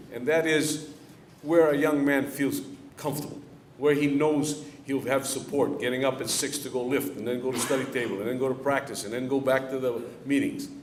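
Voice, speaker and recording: In an event hall before a live crowd, a middle-aged man who coaches football takes questions at a club luncheon. His voice sits at medium pitch with slight background noise, and he speaks plainspoken, coach-style, repeating key lines to stress them.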